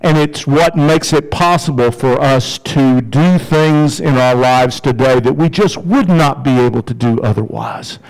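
A man preaching a sermon as pastor, in a conversational, emphatic way, with sudden rises in pitch for emphasis. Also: a little slow, few pauses, poor audio.

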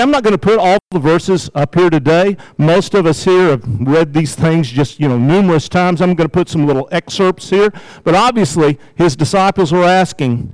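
A man's voice: fairly high pitch, a little mellow, no echo, low-quality recording. An older man preaching a casual, conversational sermon to his church, peppering his points with "you know" and "right?" and light chuckles. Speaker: pastor.

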